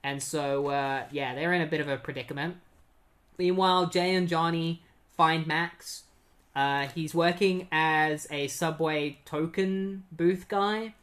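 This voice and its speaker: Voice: mid-range voice, fairly even intonation, a little slow, fairly bright tone. A laid-back host walks through a comic storyline in a loose, conversational way. Fillers pop up constantly, and quoted dialogue is read without much acting. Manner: chatty, many "like" and "um" fillers, reads quotes in a plain voice. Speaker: comic book retrospective host. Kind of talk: casual comic recap.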